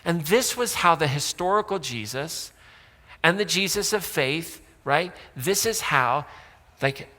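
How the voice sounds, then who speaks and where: A man's voice: fairly high pitch, lively intonation, a little slow, bright, forceful tone, big-room sound. A man pastor giving a sermon in a casual, joking way, with asides to the congregation. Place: church sanctuary.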